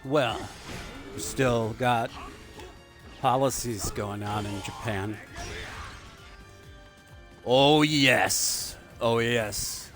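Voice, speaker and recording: A man who talks slowly and loosely about whatever pops into his head. He wanders off topic in a crude, offhand way, with faint music playing underneath. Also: mid-range voice, steady tone. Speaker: gaming video host. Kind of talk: rambling let's play commentary.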